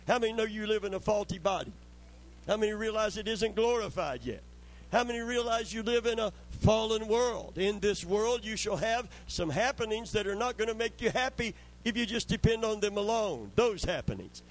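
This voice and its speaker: A man's voice: high voice, expressive, normal speed, rough recording. A man preaching a sermon with fervent, call-and-response delivery, often calling for amens.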